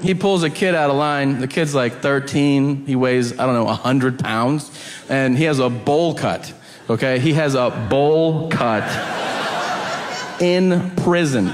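A man retelling a comedic story in an animated way, slipping into voices of the people in it. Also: mid-range voice, unhurried. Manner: animated retelling, voicing characters with laughter. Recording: clear background noise.

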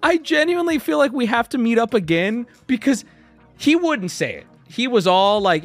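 A man's voice: extremely high pitch, sing-song, normal speed, faint music behind. A male streamer hosting his show and telling a story in casual, profane style, laughing often as he talks. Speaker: streamer host.

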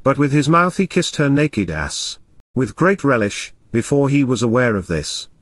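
A man narrates a classic tale in a measured storytelling manner. His pitch moves lively up and down. The recording is dry and close, with no room echo. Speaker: audiobook narrator.

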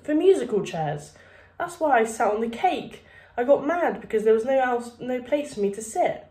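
A woman voicing an anxious, excitable schoolboy who blurts things out and whines tearfully. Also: fairly high pitch, normal speed, echoey room, voice pushed up.

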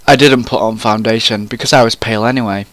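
A man's voice: fairly low pitch, steady tone, fast talker, a bit bright, no room sound. A man reading a fan story aloud in a comic, mock-serious way, often breaking into laughter.

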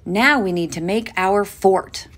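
A woman voicing an eager young boy leading a pretend adventure, bossy and excited. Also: mid-range voice, slow pace, slight background noise, natural voice. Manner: excited, bossy make-believe.

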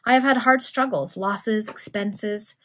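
A woman's voice: medium pitch, a little slow, natural voice. A woman reading a nervous stammering stockbroker. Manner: stammering, tremulous. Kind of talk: informal read-aloud among friends.

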